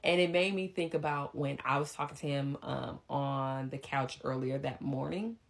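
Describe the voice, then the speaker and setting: Young woman with a low voice, chatty storytime, lots of ums. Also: normal speed, vocal fry. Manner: rambling, animated retelling with filler ums. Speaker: storyteller vlogger. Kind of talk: casual storytime chat.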